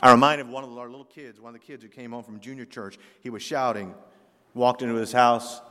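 A man's voice: mid-range voice, fairly even intonation, brisk. Emphatic male preacher in an echoing hall. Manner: emphatic preacher with rhetorical questions and swings in loudness. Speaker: pastor. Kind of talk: sermon. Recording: long reverb of a large hall.

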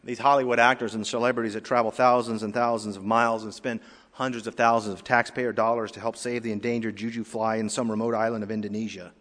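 A male pastor preaching a sermon with emphatic rises and drops in loudness, in a church sanctuary. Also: lowish voice, flat delivery, fast. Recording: long hall reverb.

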